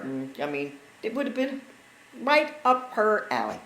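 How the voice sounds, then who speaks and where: A woman in her sixties telling family stories in casual conversation, lively and acting out what others said. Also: mid-range voice, unhurried. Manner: animated, acts out quotes of others. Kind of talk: casual storytelling. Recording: echoey room with faint background noise.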